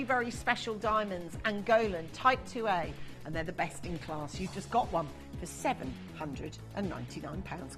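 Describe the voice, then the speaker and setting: A woman's voice: a little high, a bit bright. Gushing woman selling on live TV. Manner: gushing, chatty sales patter. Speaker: shopping channel presenter. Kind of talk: live TV sales presentation. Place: TV studio.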